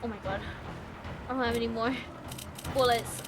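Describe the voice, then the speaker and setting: A young woman streaming a game, talking excitably and panicky, laughing and swearing often. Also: a little high, normal speed, noisy background. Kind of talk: live gameplay commentary. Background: game music.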